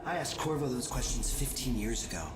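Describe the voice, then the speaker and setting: An actor voicing a calm, mysterious otherworldly male being in a video game, speaking in a measured, cryptic way. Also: medium pitch, noisy background, lightly acted. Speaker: game character. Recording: echoey with loud game music.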